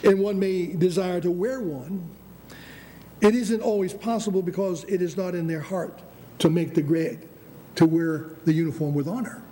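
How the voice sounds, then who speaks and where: A man's voice: high voice, moderate pace, dark tone, slight background noise. An older American man preaching a sermon, emphatic, with frequent restarts and calls of "Amen?". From United States.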